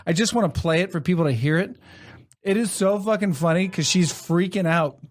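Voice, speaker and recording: A man hosting a podcast in casual chat, excitable and swearing. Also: high-pitched, a little fast. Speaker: podcast host.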